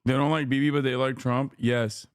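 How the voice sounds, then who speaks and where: Profane, ranting male streamer with smooth voice. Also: mid-range voice, moderate pace. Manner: animated, profane, sarcastic ranting. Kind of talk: live stream commentary.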